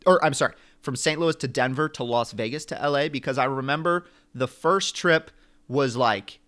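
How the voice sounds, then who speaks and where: A young man co-hosting a podcast, telling a long story in an animated, rambling way. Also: mid-range voice, normal speed. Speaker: podcast co-host. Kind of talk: casual chat.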